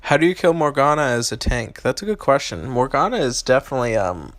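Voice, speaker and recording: A man's voice: medium pitch, animated, fast talker, fairly bright tone, dry recording. A young man streaming a mobile game, reading out and answering chat questions in a loose, hesitant way with lots of ums and restarts. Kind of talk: casual live-stream chat.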